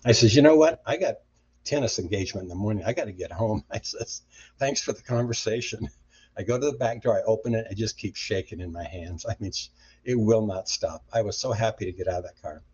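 Brief: middle-aged male guest, low husky voice, animated storyteller who acts out the quotes, slightly muffled audio. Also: fast. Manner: animated retelling with acted-out quotes. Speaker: guest, deliverance minister. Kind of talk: storytelling interview.

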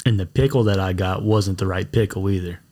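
A fairly low-voiced man hosts a laid-back podcast, rambling through stories and breaking into laughs along the way. He talks like he's chatting with friends at a table. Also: a little fast, a little mellow. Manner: rambling storyteller, laughs often. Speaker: podcast host. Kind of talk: casual chat.

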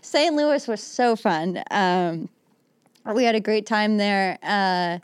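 A woman in her twenties, a comedian guest, joking in a self-deprecating way with deadpan asides and frequent giggles. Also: mid-range voice, slow, clean tone, no room sound. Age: 20s. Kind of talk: casual comedy chat.

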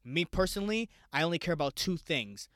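A young man from the United States hosting a casual solo podcast, excitable, swearing freely and talking straight to his listeners. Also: a little high, fairly quick, dry recording, studio quality. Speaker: podcast host.

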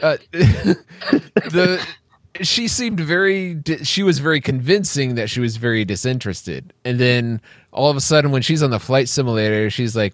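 A man's voice: mid-range voice, normal speed, no room sound, studio quality. A man co-hosting a casual movie review chat, teasing and laid-back. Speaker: podcast co-host.

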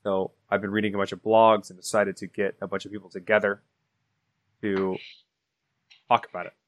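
A man's voice: on the low side, level tone, a little fast. A man co-hosting a podcast, rambling and teasing. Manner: rambling and teasing, trails into restarts. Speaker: podcast host. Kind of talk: casual podcast chat.

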